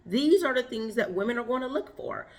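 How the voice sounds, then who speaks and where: A woman's voice: on the high side, expressive, fairly quick, darkish tone. A woman coaching viewers on relationships, talking earnestly and stressing points with repeated lists. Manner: earnest, emphatic, lists with repetition. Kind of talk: advice talk to camera.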